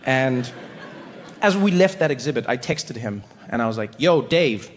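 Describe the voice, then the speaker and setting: A man's voice: mid-range voice, expressive, normal speed. Man from South Africa, stand-up comic, playful storytelling, long hall reverb, faint background noise. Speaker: comedian. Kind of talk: stand-up comedy.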